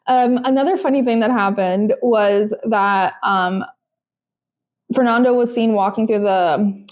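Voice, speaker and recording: A woman's voice: mid-range voice, measured pace, darkish tone. A young woman co-hosting a podcast, talking casually with lots of fillers and restarts. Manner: chatty, frequent fillers and restarts. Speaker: podcast co-host. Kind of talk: casual chat.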